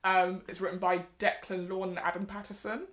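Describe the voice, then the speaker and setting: A woman's voice: on the low side, little pitch movement, fairly quick, fairly bright tone. A woman co-hosting a podcast in casual chat, playful and jokey. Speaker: podcast co-host.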